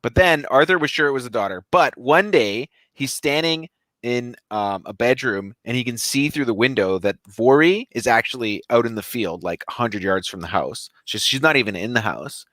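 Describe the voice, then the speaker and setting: Male co-host, animated storyteller, mid-pitched, very dry sound. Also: moderate pace, dry recording. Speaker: podcast co-host. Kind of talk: casual podcast chat.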